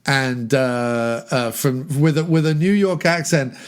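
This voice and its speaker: A man's voice: medium pitch, fairly even intonation, slow pace, clean tone. A man chatting casually about a film, digressive and laughing at his own jokes. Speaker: podcast film discussion guest.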